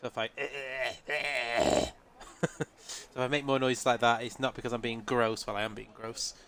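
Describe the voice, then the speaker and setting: Stuffed-up man calling a sim race live, mid-pitched and nasal, chatting with viewers between calls. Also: little pitch movement, measured pace, fairly bright tone, a little hiss or hum. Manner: chatty, answers live chat, laughs often. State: congested with a head cold. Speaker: race commentator. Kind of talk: live sim-racing commentary.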